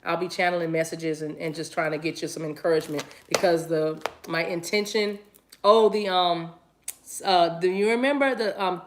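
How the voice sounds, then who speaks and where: A woman's voice: mid-range voice, normal speed. A woman giving a casual livestream tarot reading, chatty and playful, laughing easily. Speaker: tarot reader.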